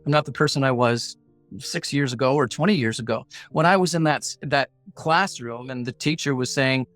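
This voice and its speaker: A man's voice: medium pitch, brisk, fairly bright tone, faint music behind. A middle-aged man telling a personal story as a guest, earnest and blunt, with a punchy motivational way of talking. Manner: earnest, punchy, acts out inner voices; blunt, plain-spoken. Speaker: podcast guest, negotiation coach.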